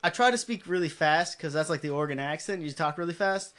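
A man's voice: on the high side, fast. A man co-hosting a casual podcast chat, joking and swearing freely. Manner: joking, profane, animated. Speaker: podcast co-host.

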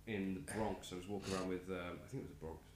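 A man's voice: deep voice, steady tone, fast talker, roomy sound, a crowd in the background. A man hosting a podcast who tells a rambling, anecdotal story in a casual chat. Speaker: podcast host.

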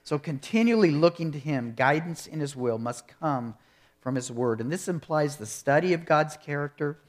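A man preaching a sermon in an earnest, measured way, asking rhetorical questions and closing in prayer. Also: on the high side.

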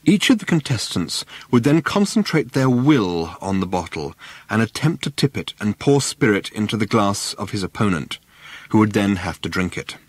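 A man narrating a comic story in a measured, dry storytelling manner. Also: on the low side, sing-song, slightly rough, dry recording. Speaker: audiobook narrator. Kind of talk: scripted narration.

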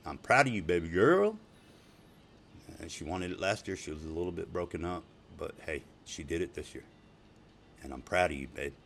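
A man's voice: low-pitched, expressive, normal speed, vocal fry, a bit bright, a little hiss or hum. A middle-aged man rambling in a profane, emotional personal video message to his family, laughing and tearing up. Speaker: father speaking to family.

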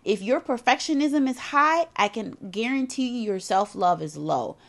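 A woman's voice: fairly high pitch, moderate pace. A woman giving a motivational talk on self-love, emphatic and conversational, with casual asides and repetition for emphasis. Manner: emphatic, conversational, drops into animated character voices for retold quotes. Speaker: self-help speaker.

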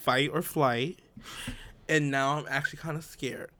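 A slightly high-voiced man, speaking a little slowly, co-hosts a podcast and tells a story in easygoing chat. He laughs frequently and acts out what others said, keeping it animated.

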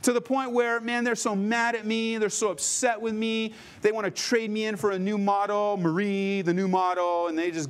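A middle-aged male pastor preaches with emphatic, animated delivery and throws in joking asides. His speaking voice sits fairly high for a man. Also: normal speed, few pauses. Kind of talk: sermon.

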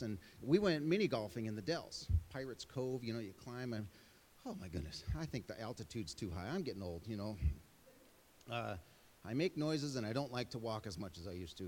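Middle-aged male pastor, echoing hall. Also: mid-range voice. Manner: storytelling, self-deprecating asides. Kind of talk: sermon.

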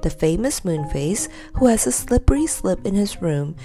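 A woman's voice: mid-range voice, animated, normal speed, warm tone, soft background music, natural voice. A woman voicing a jolly old Santa Claus, a big man who speaks in hearty exclamations. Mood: delighted.

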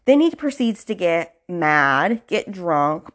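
A woman's voice: medium pitch, sing-song, unhurried, hardly any pauses. A woman podcast host casually recapping a novel's plot, full of "like" and "you know" fillers, with indignant asides. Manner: chatty, filler-heavy retelling.

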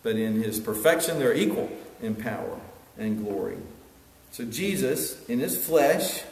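A man's voice: medium pitch, expressive, unhurried, vocal fry. Earnest male preacher in echoey hall. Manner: earnest, builds to emphatic peaks then drops quiet. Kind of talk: sermon. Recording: echoey hall with long reverb, faint ambience.

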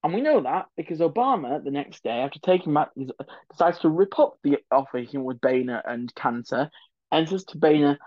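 A man's voice: a little high, lively intonation, moderate pace, no echo, lo-fi sound. A man hosting a solo political history podcast, chatty and opinionated, with many digressions and asides. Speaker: podcast host.

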